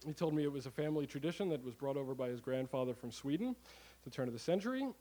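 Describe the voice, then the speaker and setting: A man giving a live comic talk to an audience, animated and rambling, with many fillers and the odd curse word. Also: medium pitch, racing, rough recording. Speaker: comedic presenter.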